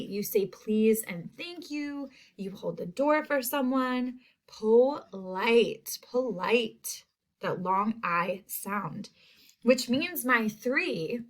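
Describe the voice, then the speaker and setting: A woman teacher giving a recorded spelling lesson to young students, saying each word slowly and clearly. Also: mid-range voice, a bit bright. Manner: slow, clear word-by-word enunciation.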